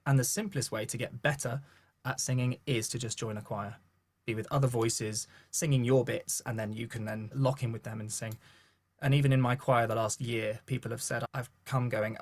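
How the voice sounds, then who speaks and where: A man with a posh southern English accent talks through a podcast interview as a vocal coach and choir leader. His voice is husky and sits in a middle pitch. He tells stories with energy and slips into quick put-on voices when he quotes people. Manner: animated storyteller who acts out quoted voices. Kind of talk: podcast interview, relaxed storytelling.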